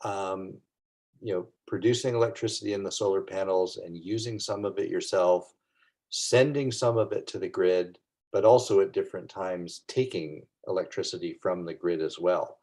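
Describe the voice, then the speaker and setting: A man with a very deep voice hosts a webinar over a video call. He asks curious questions and then sums up each answer in simple words. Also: moderate pace, a little mellow. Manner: curious, recaps answers back in plain terms. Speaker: webinar host.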